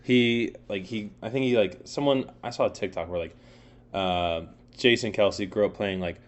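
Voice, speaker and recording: A man's voice: fairly low pitch, moderate pace. A young man co-hosting a casual sports podcast, rambling with lots of fillers and swearing. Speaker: podcast co-host.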